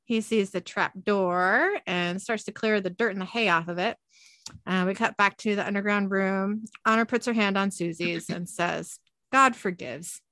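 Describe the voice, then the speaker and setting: A woman's voice: medium pitch, steady tone, normal speed, a bit bright, dry recording. A woman host animatedly recapping a TV episode in casual narration, laughing often.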